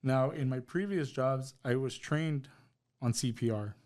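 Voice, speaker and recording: A man's voice: medium pitch, measured pace, a little mellow. A man sharing a personal testimony on a podcast, telling of a loss with emotion and acting out what each person said. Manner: emotional storytelling, acts out dialogue. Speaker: podcast guest.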